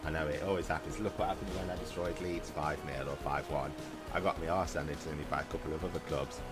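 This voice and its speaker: A man giving casual, excitable commentary on a football video game, bantering and laughing at the plays. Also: extremely low pitch, fast talker. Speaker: gaming YouTuber. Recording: music playing under voice.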